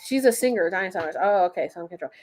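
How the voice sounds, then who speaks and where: A woman's voice: lowish voice, animated, rapid-fire, a little mellow, slight background noise. A woman hosting a casual livestream, chatting with viewers, swearing and laughing as she pulls oracle cards and reads them aloud. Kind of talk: casual livestream chat with card readings.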